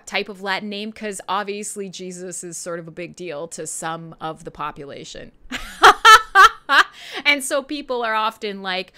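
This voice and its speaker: A young woman from Canada hosts a casual livestream show, rambling between topics and laughing often. Her voice is bright and jumps lively up and down in pitch. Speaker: livestream radio host. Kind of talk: casual livestream chat, reading chat questions.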